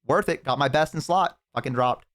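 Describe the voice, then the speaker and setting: On a live stream, a young man chats casually, telling stories and reading chat while swearing freely. His voice sits on the high side and moves a little fast, jumping into loud, excited bursts.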